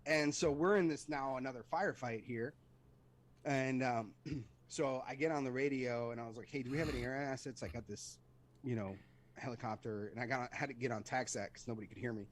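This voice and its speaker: With a slight hiss or hum in the background, a middle-aged veteran of the Army tells stories in a casual podcast interview. He speaks fairly quickly at medium pitch and animatedly performs voices and sounds.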